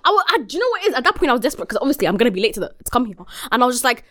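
Fast, bright-voiced woman host. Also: a little high. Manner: animated storytelling, swears freely. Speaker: podcast host. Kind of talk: casual chat.

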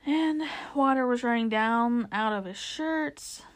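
A woman reading a children's storybook aloud, lively and expressive. Her voice sits slightly high. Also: slow, poor audio. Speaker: narrator.

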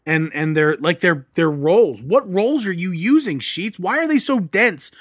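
A man's voice: high-pitched, expressive, measured pace, a bit bright, no echo, studio quality. A man co-hosting a casual chat, emphatic and opinionated, telling stories with animation. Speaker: podcast co-host.

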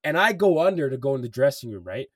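A man's voice: medium pitch, sing-song, fast, slightly rough, no echo, studio quality, distant mic. A young man co-hosting a podcast, telling a story in casual chat, swearing often and filling with "like" and "bro". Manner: swears a lot, says "bro" and "like" constantly. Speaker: podcast co-host.

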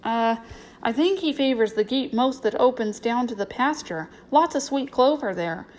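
A woman's voice: on the high side, expressive, normal speed, darkish tone, close to an everyday voice. A woman voicing an eager, earnest young circus boy in a storybook reading. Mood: proud.

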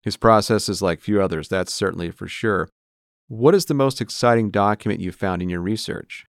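A man hosting an interview, asking crisp, formal questions. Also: lowish voice, normal speed, no echo, clean studio sound. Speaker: interview host.

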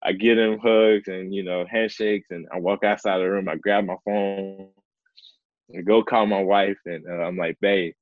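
A young man with a very low, deep voice tells a personal story in an easygoing, heartfelt way, peppering his speech with "like" and "man." The sound is dry and a little dull, as if recorded close to the mic with a muffled, lo-fi tone. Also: normal speed, no room sound. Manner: relaxed, earnest, heavy use of "like" and "man". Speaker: professional baseball player as guest. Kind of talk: casual storytelling in conversation.

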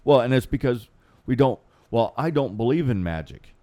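A man's voice: mid-range voice, lively intonation, normal speed, dark tone, dry recording. A man co-hosting an unscripted chat, joking and loose with casual grammar. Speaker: podcast co-host.

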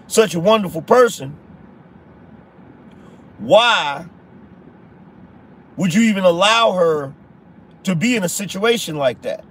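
High-pitched blunt male podcast host. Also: animated, slow pace, long pauses, fairly bright tone, a little hiss or hum. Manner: blunt, emphatic, repeats rhetorical questions; casual slang, swears. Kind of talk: conservative opinion commentary.

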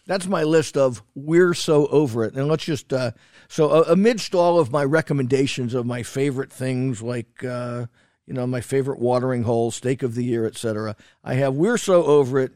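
A man co-hosting a food podcast, chatting casually and rambling through his lists with restarts and fillers. He swears for emphasis. His voice sits at a middle pitch and sounds dry and close to the mic. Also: steady tone, fairly quick, a little mellow, dry recording. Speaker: podcast co-host, food critic. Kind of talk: casual chat.

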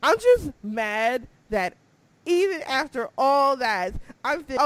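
An excitable young woman chatting casually about wrestling with her co-hosts. Her voice leaps from low mutters to high squeals and she laughs often. The pitch swings widely from line to line. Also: slow, pauses often. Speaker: podcast co-host.

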